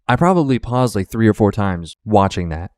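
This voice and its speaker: A man's voice: fairly low pitch, sing-song, moderate pace, a little mellow, no echo, clean studio sound. A male reaction video host who rants in exasperated, profane, casual talk. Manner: exasperated, ranting.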